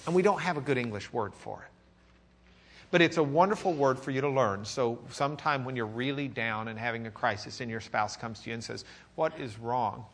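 A man with a Texan accent, from Lubbock, teaching a church class in a conversational sermon style, swinging between loud questions and quiet musing. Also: mid-range voice, fairly quick. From Lubbock, Texas.

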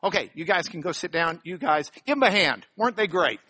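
A man teaches a live audience, his voice bright and forceful. His pitch swings lively as he explains each point step by step, checking in with quick rhetorical questions. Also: husky. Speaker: bible teacher.

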